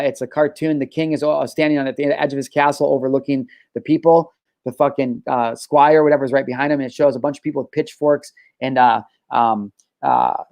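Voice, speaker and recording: A man's voice: fairly high pitch, a little mellow. A young man hosting a solo podcast, ranting heatedly and profanely, often stopping to restart his sentences. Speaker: podcast host.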